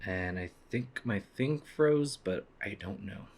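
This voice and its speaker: Narrating his gameplay casually, a young man reads in-game text aloud and lurches from frantic shouting to soft mumbling. His voice is on the low side and expressive, delivered at a measured pace.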